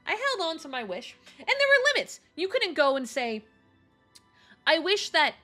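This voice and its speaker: A young woman with a high, bright voice that swoops all over as she spins a casual story for her stream. She is animated, laughs often and swears freely, with faint music playing underneath.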